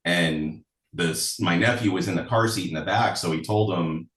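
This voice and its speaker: A man's voice: sits low, moderate pace, hardly any pauses, a bit bright, reverberant, far from the mic, poor audio. A man telling stories from his life in a casual interview, chatty and full of fillers, laughing often. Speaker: songwriter guest.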